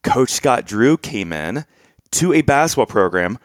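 A man's voice: mid-range voice, big pitch swings, a little slow, no room sound, studio quality. A man co-hosting a podcast, earnestly laying out background for listeners in casual chat. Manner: earnest, explains background at length. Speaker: podcast co-host.

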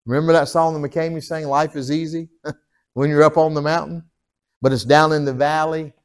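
A man preaching a sermon as pastor, folksy and animated, often chuckling and asking the congregation for an amen. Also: on the high side, moderate pace.

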